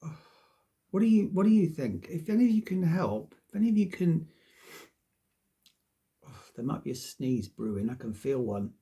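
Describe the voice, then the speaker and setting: A man's voice: on the high side, very animated, normal speed, long pauses, warm tone. A man rambling casually to his viewers, self-deprecating and swearing freely. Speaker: vlogger. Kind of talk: casual rambling monologue to camera.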